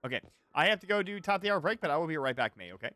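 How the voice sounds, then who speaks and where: A man streaming a game live with friends, animated and quick to laugh and swear. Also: a little high, no echo. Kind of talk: live gaming stream chat. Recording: game music in the background.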